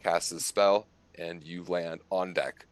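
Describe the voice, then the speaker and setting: Man, game master, low voice, dry close sound, casual narration. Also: slow pace, dry recording. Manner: relaxed, conversational narration with fillers.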